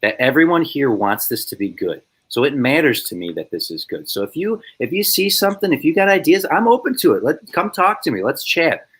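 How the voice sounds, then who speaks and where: Man doing an earnest, upbeat director, raised pitch, pep-talk energy. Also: very animated, fairly quick, few pauses, a bit bright, breathy edge, full character voice. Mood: encouraging. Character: upbeat male film director rallying his extras.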